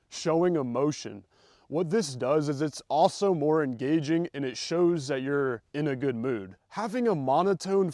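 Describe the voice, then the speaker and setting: A man's voice: a little high, darkish tone, no echo. Casual young man coaching, dry close sound. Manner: casual and confident, with loose fillers and slang; demonstrates slow versus rushed delivery. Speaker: dating coach. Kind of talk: direct-to-camera advice monologue.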